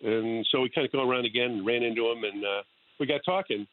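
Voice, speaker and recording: An older man calling in to a radio show, telling a short story in a plain, slightly halting way. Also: mid-range voice. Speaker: caller. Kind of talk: casual phone-in story. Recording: tinny phone line.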